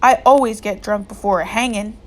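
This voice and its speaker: A woman's voice: mid-range voice, close to an everyday voice. Woman doing a drunk drawling sheriff. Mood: leering. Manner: slow lazy drawl. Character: drunk, leering small-town male sheriff, slow drawl.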